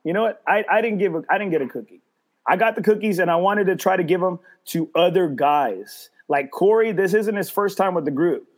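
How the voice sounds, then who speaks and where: A man's voice: sits high, brisk. A man hosting a casual podcast, telling a story with lots of swearing and stumbling restarts. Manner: storytelling with profanity and repeated restarts; quotes others in a mocking voice. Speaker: podcast host. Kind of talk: casual chat.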